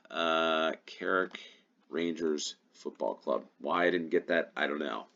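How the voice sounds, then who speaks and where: A man's voice: very deep voice, measured pace, vocal fry, a bit bright, muffled recording. An American man giving casual play-along commentary on a game, musing aloud and thinking to himself. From United States. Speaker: gaming YouTuber.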